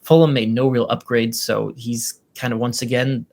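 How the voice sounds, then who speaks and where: A man with a gravelly, fry-edged voice at an ordinary middle pitch hosts a casual sports podcast. He talks through player news with plenty of ums and firm opinions. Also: little pitch movement, moderate pace, a little mellow. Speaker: podcast host. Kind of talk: casual soccer podcast talk.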